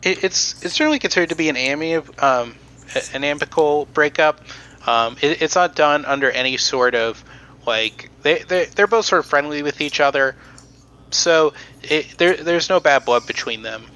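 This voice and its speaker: A man co-hosting a casual history podcast, explaining in a halting way with many fillers and restarts. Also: fairly high pitch, bright, forceful tone, low-quality recording. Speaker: podcast co-host presenting history.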